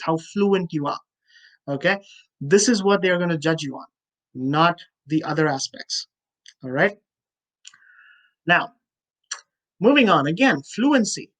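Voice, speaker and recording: A woman tutoring students for a speaking test in an online webinar, giving direct advice and ending nearly every point with a checking "okay?". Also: on the low side. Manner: direct, coaching tone with frequent "you know" fillers.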